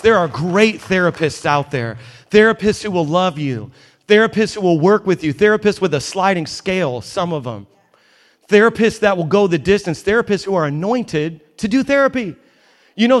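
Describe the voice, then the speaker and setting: A man pastor preaching a sermon in a church, emphatic and conversational with joking asides. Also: high voice. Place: church in New York.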